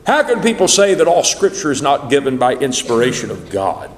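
A man's voice: mid-range voice, very animated, a little fast, slight background noise. A man preaching a sermon, telling a story dramatically with swelling emphasis. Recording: echoey hall.

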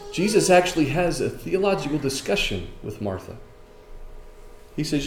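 A man's voice: mid-range voice, expressive, moderate pace, a little hiss or hum. Man preaching in an echoey room. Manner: varies from emphatic to quiet, asks rhetorical questions. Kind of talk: sermon. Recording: echoey room with faint ambience.

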